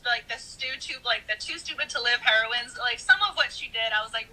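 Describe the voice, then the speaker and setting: A woman in casual book chat, chatty with exasperated asides and a husky voice. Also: fairly high pitch, a little fast, hardly any pauses, bright, forceful tone, rough recording. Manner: chatty, exasperated asides, many likes and restarts. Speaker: book discussion co-host.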